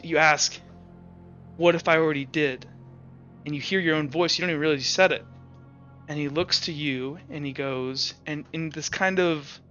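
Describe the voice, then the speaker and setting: A man's voice: on the high side, bright, forceful tone, lo-fi sound. A man narrating as game master of a tabletop game, in a casual, rambling way full of fillers. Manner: casual, rambling, frequent "like" and restarts.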